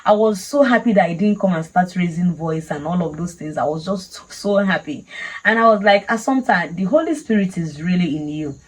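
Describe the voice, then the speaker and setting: A woman's voice: on the low side, expressive, normal speed, slightly rough, poor audio. A woman with a Nigerian accent, telling a personal story casually and animatedly, laughing often. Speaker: vlogger.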